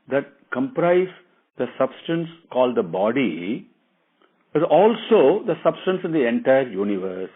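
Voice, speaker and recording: A man telling a devotional story earnestly, often pausing with fillers and asides. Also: fairly high pitch, husky. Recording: tinny phone-like sound.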